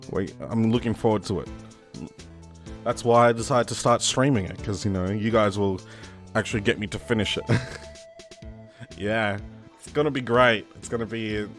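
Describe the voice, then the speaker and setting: A man's voice: on the low side, a bit bright. A man with an Australian accent chatting casually while he streams a video game, joking at his own expense. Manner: chatty, self-mocking, trying out voices. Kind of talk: casual live-stream commentary.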